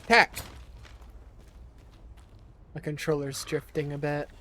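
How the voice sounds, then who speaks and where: A young man giving live gameplay commentary in a loose, chatty way. He laughs often and swears casually, and his voice sits fairly high. A faint noise hums underneath. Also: steady tone, slow, bright, forceful tone. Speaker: streamer.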